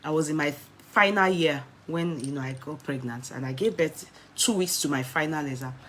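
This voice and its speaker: A woman in her forties with a Nigerian accent, telling a personal story in an animated way and slipping into Nigerian Pidgin. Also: sits low, moderate pace, slight background noise.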